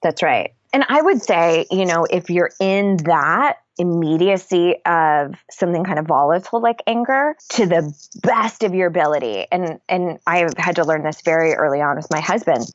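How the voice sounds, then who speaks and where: A woman's voice: fairly low pitch, lively intonation, moderate pace, dull audio. A woman coach talking candidly and casually in a podcast interview, swearing freely as she explains her method. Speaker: guest, confidence coach.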